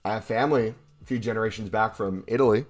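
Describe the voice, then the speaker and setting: A man's voice: fairly low pitch, fast talker. A young American man casually chatting on a livestream, reading out and answering chat questions with jokes. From United States. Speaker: streamer reading live chat.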